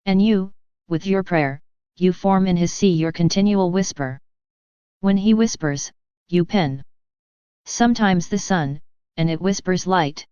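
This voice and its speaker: Woman reading as jesus, low smooth voice, slow and solemn, dry dull lo-fi sound. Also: dark tone, no echo, natural voice. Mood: tender. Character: Jesus speaking tenderly to a soul, male. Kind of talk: devotional reading.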